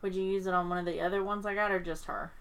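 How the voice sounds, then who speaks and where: A woman co-hosting a casual gaming livestream, excitable and playfully whiny as she chats. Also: on the low side, rapid-fire, smooth. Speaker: livestream co-host.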